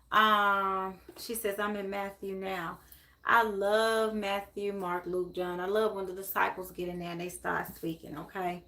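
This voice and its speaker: A woman's voice: mid-range voice, creaky, bright, forceful tone. A woman from Memphis hosts a live-stream spiritual reading, reading scripture and viewer comments aloud and repeating words for emphasis. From Memphis, USA.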